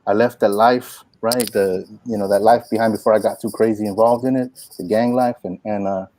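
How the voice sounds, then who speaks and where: A man in his forties, a poet and workshop teacher, telling stories in an animated, folksy way full of "like" and "you know". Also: on the low side, brisk. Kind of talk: inspirational storytelling talk.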